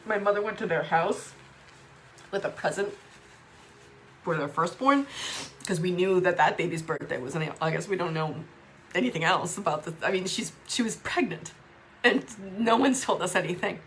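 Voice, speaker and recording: A woman talking to camera in a raw, emotional vlog, upset and swearing, with halting restarts. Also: lowish voice, fairly bright tone, a little hiss or hum. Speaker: vlogger.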